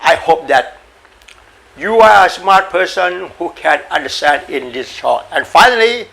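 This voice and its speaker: Gravelly, bright-voiced man giving a dharma talk. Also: on the high side, lively intonation. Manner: repetitive, halting, coughs and says sorry, playful animal sounds. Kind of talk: informal spoken dharma talk.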